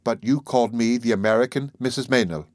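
A man reading aloud and voicing a composed, gracious young woman poet in a soft, gently raised voice. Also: mid-range voice, fast talker, no echo, clean studio sound, lightly acted.

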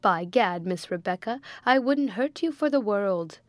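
A woman doing a blustering pompous gentleman. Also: mid-range voice, lively intonation, measured pace, no echo, close to an everyday voice. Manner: loud, bluff exclamations.

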